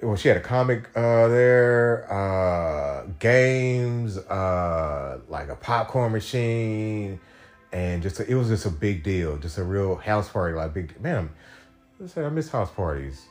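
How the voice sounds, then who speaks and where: A man's voice: animated, slow, faint music behind. A young man hosting a podcast, telling a rambling, profane story in a casual monologue, full of fillers and quoted voices. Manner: rambling, profane, fillers, acts out quotes with big pitch jumps. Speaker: podcast host.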